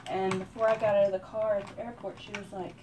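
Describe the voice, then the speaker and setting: A woman with a Texas accent telling a personal story in a slow, rambling way while doing her makeup on a live stream. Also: mid-range voice, little pitch movement, heavy background noise. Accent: Texan. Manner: slow rambling delivery with many pauses. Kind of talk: casual storytelling during a makeup routine.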